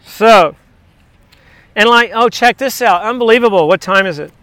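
Excitable high-voiced man telling faith stories. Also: moderate pace, clear, resonant tone, no echo. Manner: excitable, chatty, digressive. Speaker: teacher giving a devotional message. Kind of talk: rambling faith storytelling to a class.

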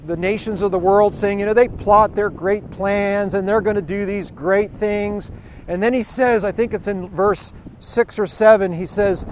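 Brief: middle-aged male preacher, high voice, chatty storytelling delivery, faint outdoor noise behind. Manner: conversational, storytelling, chuckling asides. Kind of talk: informal sermon.

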